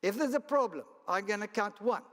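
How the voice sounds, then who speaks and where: A man's voice: high voice, animated, brisk, a bit bright, voice pushed up. Man putting on a wry South African pilot. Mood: matter-of-fact. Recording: long hall reverb.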